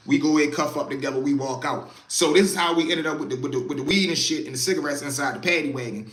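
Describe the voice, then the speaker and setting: A man telling a story on a live stream in a casual, profane, animated way, punctuating with sound effects. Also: on the high side, fast talker, reverberant.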